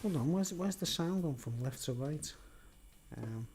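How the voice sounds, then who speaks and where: A man's voice: mid-range voice, lively intonation, dark tone, faint music behind. A man speaks unhurriedly into a desk microphone in a room at home. He rambles without a script, jokes, and halts to restart his thoughts. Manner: rambling, jokey, halting restarts. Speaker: solo vlogger and musician. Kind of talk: unrehearsed rambling monologue. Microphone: desk microphone with headphones.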